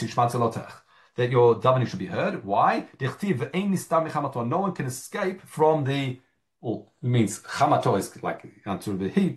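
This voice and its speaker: Guy teaching talmud, reads a line then explains it, lots of ums and restarts, bouncy higher voice. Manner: reads Aramaic phrases then explains them in English, with frequent fillers and restarts. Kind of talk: Talmud study lesson, reading and translating.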